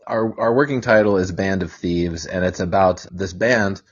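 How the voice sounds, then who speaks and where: A man's voice: sits low, normal speed, slightly rough. A man being interviewed as a guest actor, easygoing and rambling in casual chat. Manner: easygoing, rambling with fillers and repeats. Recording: lo-fi dull audio.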